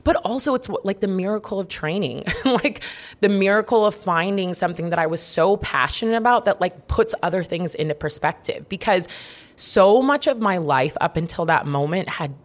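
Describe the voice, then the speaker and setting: A woman's voice: medium pitch, animated, normal speed. A young woman in a candid interview, openly and emotionally reflecting on a hard past relationship. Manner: open, reflective, emotional storytelling. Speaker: guest.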